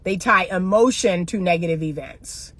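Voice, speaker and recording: A woman's voice: on the low side, moderate pace, fairly bright tone, breathy edge, dry recording. A middle-aged woman, a relationship coach, talking to camera in a blunt, emphatic, lecturing way and hammering points home with repeated rhetorical questions. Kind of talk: opinionated monologue to camera.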